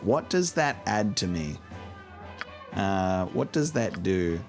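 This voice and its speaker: A man's voice: low-pitched, sing-song, slow, faint music behind. A man casually commenting on a game he is playing for the first time, chatty and profane, mimicking the characters now and then. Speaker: let's play host.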